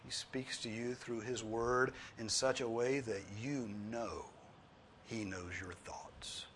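A male pastor delivering a sermon in an earnest, pleading way. His voice sits at an ordinary middle pitch, sinking quiet and low before climbing to loud, high emphasis. A faint hiss runs under the recording. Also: steady tone, takes it slowly. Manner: drops low and soft, then rises to loud, high emphasis.

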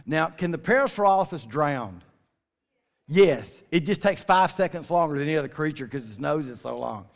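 Folksy high-voiced man joking in a hall. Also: animated, creaky. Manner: folksy, joking, drawn-out emphasis. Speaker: speaker at a creation ministry. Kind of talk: lively talk to a family audience. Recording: long reverb of a large hall.

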